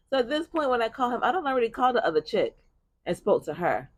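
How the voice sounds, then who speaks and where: A woman with a husky voice tells a personal story in casual conversation. Her delivery is blunt and profane, with a lively pitch that swoops up and down. The sound is close and dry. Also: fast, no room sound. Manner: blunt, profane, animated retelling with bursts of laughter. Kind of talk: casual story time chat.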